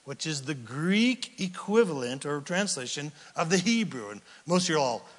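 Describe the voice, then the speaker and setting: Animated high-voiced man preaching in a hall. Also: normal speed. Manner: animated, acts out Bible scenes with casual voices. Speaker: pastor. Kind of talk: sermon.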